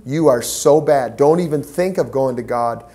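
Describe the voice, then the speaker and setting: A man voicing the devil as a contemptuous tempter, slowly sneering accusations. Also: medium pitch, warm tone, lightly acted. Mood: taunting. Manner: slow, sneering, scornful.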